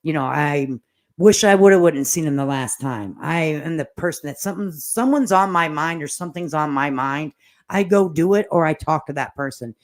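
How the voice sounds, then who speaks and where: A woman's voice: deep voice, moderate pace. A woman hosting a casual livestream and reading viewer comments aloud. She talks in a chatty way, laughs often and swears casually.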